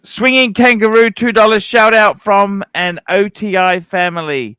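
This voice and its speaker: Australian male host, smooth ringing voice, excitable chatter. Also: high voice, measured pace, dry recording. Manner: excitable, reads viewer messages aloud, sometimes shouts. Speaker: livestream host. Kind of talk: casual livestream chat.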